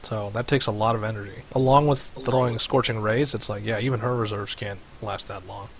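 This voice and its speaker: A man's voice: lowish voice, fairly even intonation, a little fast, gravelly. A man running a tabletop game as game master over voice chat, rambling with many fillers. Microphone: headset or desk mic on voice chat.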